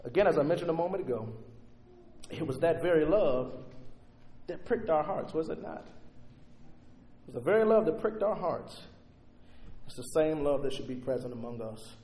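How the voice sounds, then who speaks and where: A man preaching a sermon to his church, swinging from loud stressed phrases to hushed near-whispers and drawing out key words. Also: fairly high pitch, lively intonation, normal speed, pauses often. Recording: echoey hall.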